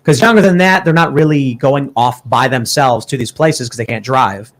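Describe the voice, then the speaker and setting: A man's voice: medium pitch, normal speed, fairly bright tone. A man with a Chicago accent co-hosting a casual show, reading viewer messages and telling rambling stories with false starts. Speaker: podcast co-host reading super chats. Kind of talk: casual chat.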